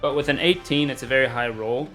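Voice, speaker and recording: Male dungeon master, relaxed narration with fillers and chuckles, faint music bed. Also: medium pitch, quick pace. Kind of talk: narrating a tabletop game.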